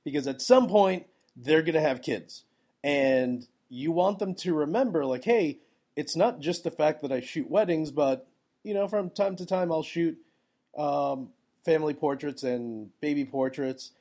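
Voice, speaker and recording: Groggy-voiced energetic male podcast host. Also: on the high side, measured pace. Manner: energetic, emphatic, conversational. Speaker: podcast host, wedding photographer. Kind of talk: solo podcast advice talk.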